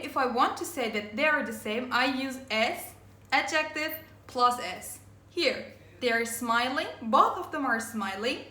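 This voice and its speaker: A woman teacher giving an English grammar lesson, slowly spelling out endings and repeating words for her students. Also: sits high, animated, sharp tone. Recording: echoey room.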